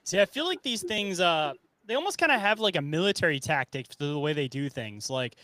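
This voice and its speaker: A man's voice: on the high side, animated, brisk, pushed and bright, no echo. A man hosting a casual live chat in an easygoing way. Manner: easygoing, laughs along. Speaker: host.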